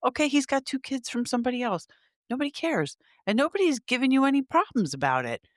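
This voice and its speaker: A woman's voice: high voice, big pitch swings, fast talker, no echo, studio quality. A woman co-hosting a podcast, talking in an opinionated, emphatic way about a reality show. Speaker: podcast co-host. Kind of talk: casual chat.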